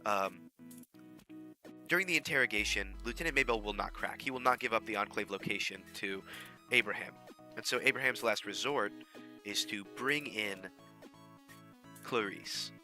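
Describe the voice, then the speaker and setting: A man's voice: on the low side, moderate pace, long pauses, bright, forceful tone, faint music behind. A man casually explaining how he made his fan audio drama, rambling with many fillers and restarts. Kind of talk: casual behind-the-scenes talk.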